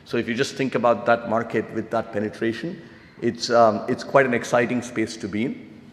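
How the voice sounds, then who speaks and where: A man's voice: mid-range voice, fairly even intonation, a little fast. A man speaking as a panel speaker at a conference, explaining earnestly with many fillers. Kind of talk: conference talk. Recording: echoey hall.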